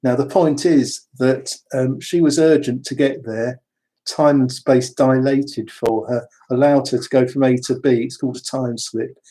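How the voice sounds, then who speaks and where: Mellow, husky man. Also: mid-range voice, fairly even intonation, unhurried. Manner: rambling, conversational, with asides. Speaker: spiritual speaker. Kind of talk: casual spiritual talk.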